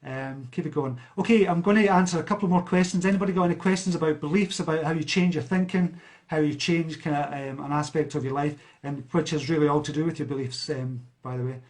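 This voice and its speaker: A man's voice: a little high, fairly even intonation, fast talker, a little mellow. A Scottish man from near a large city, a self-help speaker chatting on a live stream, reading out viewer comments and answering them. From Scotland. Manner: chatty, with fillers and restarts.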